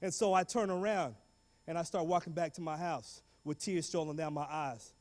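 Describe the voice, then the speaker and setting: A man speaking as a guest speaker, telling his story in an animated, slangy way and acting out the voices of people in it. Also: a little high, normal speed. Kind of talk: motivational school talk. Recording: long reverb of a big hall.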